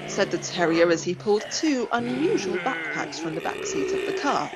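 A woman narrates a storybook with an expressive delivery. Her pitch moves in a lively way. A steady noisy hiss sits behind her voice. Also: moderate pace, hardly any pauses.

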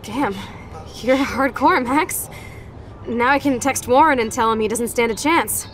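A woman's voice: on the high side, measured pace, natural voice. An actress playing a brash, teasing teen punk girl in a game. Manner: teasing, daring. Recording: game audio with music.

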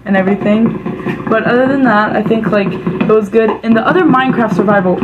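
A woman co-hosting as the channel's editor in casual chat, excited and talkative, filling her speech with "like". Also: fairly high pitch, brisk, narrow, tinny audio. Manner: excited, chatty, heavy use of "like". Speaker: video editor and co-host.

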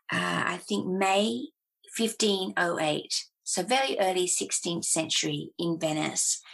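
Woman author reading her own fiction, slow and measured, husky low voice. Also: fairly bright tone, rough recording. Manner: unhurried, measured storytelling. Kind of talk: reading her novel aloud.

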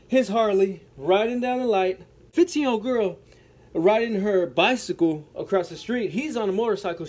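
A man with a notably high voice, spinning a story-time tale for his viewers. He tells it dramatically, repeats his lines for effect and keeps turning to address them as folks. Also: darkish tone. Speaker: storytelling vlogger.

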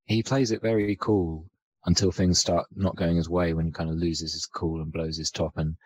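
A man with a deep, low voice talks about movies in a loose, rambling podcast chat. He thinks out loud, trailing off and restarting with plenty of ums and "sort of". The sound is close and dry, with no room echo. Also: flat delivery, moderate pace, breathy edge. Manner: rambling, filler-heavy, thinks aloud. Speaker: podcast co-host. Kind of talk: casual film discussion.

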